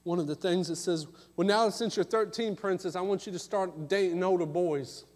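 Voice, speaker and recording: A preacher with a very high voice, pleading and passionate, dropping to hushed tones and then rising to calls. His sermon rings with a long reverb through a church sanctuary. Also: moderate pace, hardly any pauses. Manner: impassioned, swings between loud calls and hushed asides.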